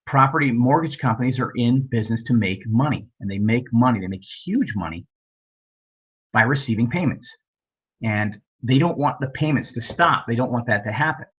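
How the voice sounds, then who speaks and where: Male webinar instructor, husky voice, folksy storyteller, muffled lo-fi audio. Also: medium pitch, normal speed. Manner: folksy storytelling, acts out dialogue. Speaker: real estate investing instructor. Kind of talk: webinar lecture with anecdotes.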